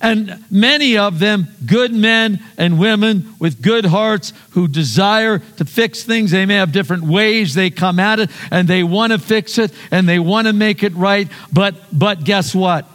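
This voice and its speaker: Male pastor, earnest folksy sermon with questions to the pews, high-pitched, in a reverberant hall. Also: measured pace, hardly any pauses, a bit bright. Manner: earnest and conversational, repeats words, asks the congregation questions.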